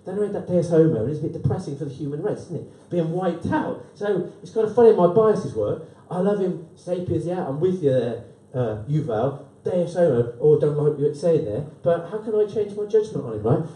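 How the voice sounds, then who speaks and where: Man, 50s, event host; high-pitched, chatty, jokey live-talk delivery, roomy sound from a distance. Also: animated, brisk, hardly any pauses, warm tone. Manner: chatty, keeps tagging "right?" onto lines. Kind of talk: humorous live talk to an audience. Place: event room with an audience. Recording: roomy, voice from off the mic.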